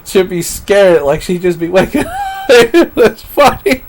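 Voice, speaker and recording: A man's voice: high-pitched, huge pitch swings, slow pace, a little hiss or hum. A man live streaming at his computer, rambling to himself with frequent laughs as he browses. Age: adult. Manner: meandering, talks to himself, laughs often.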